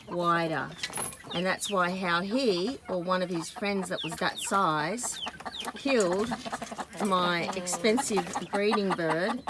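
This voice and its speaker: A rambling, chatty woman, talking to the camera outside a backyard coop at a middle pitch. She coos fondly at the animal now and then. Loud clucking chickens and clicking fill the background of this phone recording. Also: very noisy. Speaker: vlogger, backyard chicken keeper. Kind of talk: casual chat to camera.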